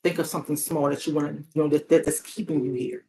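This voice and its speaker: A woman's voice: low-pitched, fairly even intonation, fast talker, warm tone, slight background noise. A woman therapist and hotline counselor in a casual, reflective monologue, talking earnestly and often repeating her key phrases.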